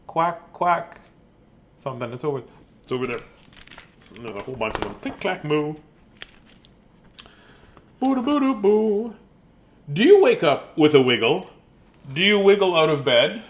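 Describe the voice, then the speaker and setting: A middle-aged man reads a children's bedtime story in a goofy, chatty way. His voice sits a little high and leaps around in pitch. He breaks into sing-song noises and silly asides. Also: big pitch swings, a little slow, long pauses, fairly bright tone. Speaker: storybook reader. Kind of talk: playful bedtime story reading.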